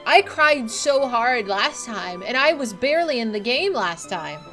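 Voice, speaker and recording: A woman streaming a game, chatting casually in an excitable, emotional way. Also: a little high, a little slow, over music. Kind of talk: casual gameplay chat.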